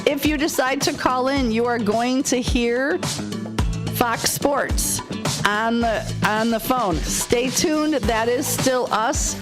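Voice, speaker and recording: A chatty woman morning radio host with a fairly high voice, teasing her co-host and running through station plugs. She talks into a studio mic, with faint music playing softly underneath. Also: takes it slowly. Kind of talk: casual on-air banter. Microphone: studio microphone.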